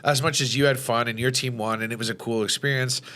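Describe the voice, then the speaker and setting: Homme qui relance la conversation. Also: male voice, medium pitch, fairly even intonation, quick pace, sharp tone. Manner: short interjections, teasing. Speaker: podcast co-host. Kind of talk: casual chat.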